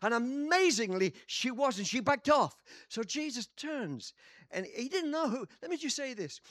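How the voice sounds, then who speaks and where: A man preaching a sermon, telling a story dramatically and acting out quotes with sudden shouts. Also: very high voice, expressive, moderate pace, dry recording, clean studio sound.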